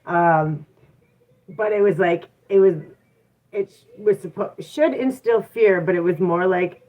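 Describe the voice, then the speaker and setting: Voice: mid-range voice, measured pace. A tarot reader talking candidly in a casual live stream, often checking in with listeners by asking "right?". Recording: tinny phone-like sound.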